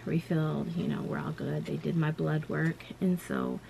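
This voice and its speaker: A woman's voice: low voice, wildly swooping pitch, moderate pace, creaky, mellow, a little hiss or hum. A woman vlogger telling a personal story in a casual, rambling way, full of "you know" and "like.".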